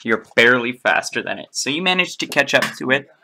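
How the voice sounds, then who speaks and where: A man narrating as dungeon master in a casual tabletop game, talking in a loose, halting way with fillers. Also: mid-range voice, animated, pushed and bright, slight background noise.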